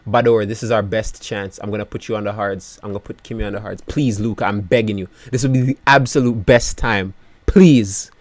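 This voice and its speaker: A man commentating live on his own gameplay, his voice going hoarse as he swings between low despairing mutters and loud excited outbursts. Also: fairly quick. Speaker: gaming video creator.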